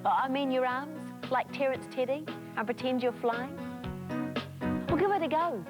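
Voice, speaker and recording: A woman, a children's TV presenter, telling a story to young children in a lively, encouraging, sing-song way. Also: sits high, moderate pace, over loud music, rough recording.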